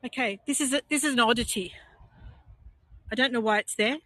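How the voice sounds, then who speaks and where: An Australian woman guiding a live walking tour outdoors on a coastal headland, talking in a chatty, meandering, gentle way into a handheld phone. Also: a little high, a little fast, no echo, poor audio. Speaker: tour guide.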